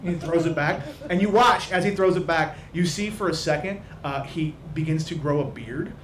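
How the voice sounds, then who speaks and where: A man's voice: a little high, moderate pace, fairly bright tone. A man narrating a tabletop game as game master, rambling with many restarts. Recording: roomy, distant mic, light noise.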